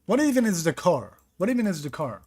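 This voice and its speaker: A man's voice: high voice, sing-song, brisk, darkish tone, breathy edge. A man streaming a geography guessing game, thinking aloud, second-guessing his guesses and answering his chat. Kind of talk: live-stream commentary reading chat.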